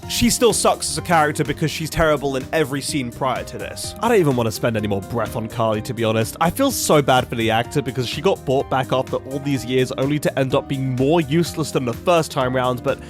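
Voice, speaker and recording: A man's voice: mid-range voice, animated, fast talker, few pauses, faint music behind. A young man reviewing a TV finale in a sarcastic, swearing rant. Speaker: YouTube reviewer. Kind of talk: ranting TV review commentary.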